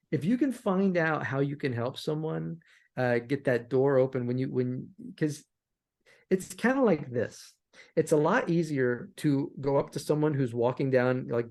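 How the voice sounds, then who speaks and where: A man guest on a podcast interview, telling stories from his music career in an animated way and often repeating words as he restarts. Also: medium pitch. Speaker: guest, sync licensing musician. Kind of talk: conversational interview answers.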